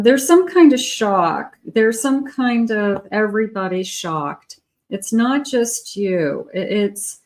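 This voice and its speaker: Chatty woman giving a tarot reading. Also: mid-range voice. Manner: conversational, voices imagined lines for the person. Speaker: tarot reader.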